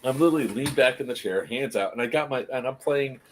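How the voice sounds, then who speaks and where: A man casually telling a long story on a podcast as its host, animated and often laughing. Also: mid-range voice, quick pace, slight background noise. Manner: animated anecdote teller, laughs through his story.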